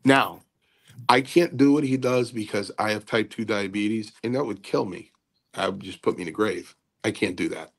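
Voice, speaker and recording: Older male host, low and gravelly, rambling casual talk full of fillers and restarts. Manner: halting, many fillers and repeats. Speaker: podcast host and former wrestler.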